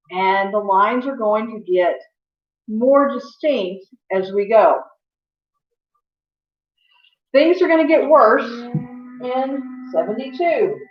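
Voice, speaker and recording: A woman giving a history lecture as a teacher, conversational, with fillers and self-corrections. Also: on the high side. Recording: echoey, dull lo-fi room sound.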